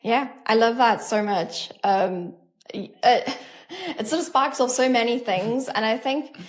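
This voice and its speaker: A woman's voice: a little high, a little slow. A woman podcast host reading a scripted introduction, then asking thoughtful interview questions.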